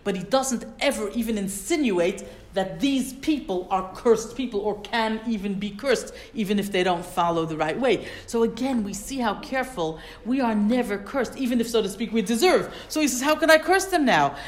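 Female Torah teacher, animated, quoting and translating verses, echoey room. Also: mid-range voice, moderate pace, few pauses. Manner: animated, quotes Hebrew verses then translates.

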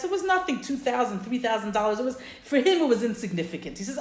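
Woman teacher, animated storyteller, higher voice, roomy video call. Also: quick pace, hardly any pauses. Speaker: religious teacher. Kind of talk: parable storytelling class.

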